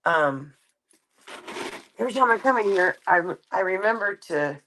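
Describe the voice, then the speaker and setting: A woman's voice: mid-range voice, expressive, normal speed, fairly bright tone, a little hiss or hum. A woman chatting casually on a late-night live stream from home, rambling and stopping to talk to her cat. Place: home, kitchen.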